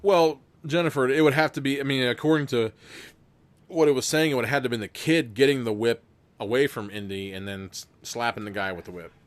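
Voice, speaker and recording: A young man with a medium-pitched voice talks fairly quickly as he hosts a live gamebook session decided by chat votes. He reads aloud and chats casually, laughing often and swearing occasionally.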